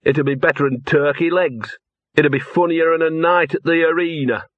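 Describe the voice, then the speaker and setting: A man voicing a scruffy, cynical old male dog who grumbles and mutters in rough, blunt speech. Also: mid-range voice, animated, unhurried, bright, forceful tone, dry recording, muffled recording. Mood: mocking. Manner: grumbling, sardonic, rough-spoken.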